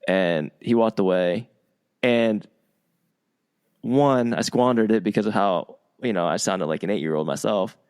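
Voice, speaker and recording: A man's voice: lowish voice, unhurried, a little mellow, clean tone. A man hosting a podcast, telling a rambling anecdote in casual chat. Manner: rambling anecdotes with restarts and laughs. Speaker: podcast host.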